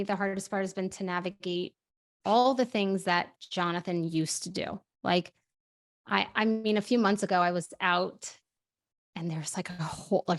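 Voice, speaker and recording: A woman hosting a conversational podcast interview, animated and quick to get heated. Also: mid-range voice. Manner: animated, speeds up and swears when heated. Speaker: podcast host.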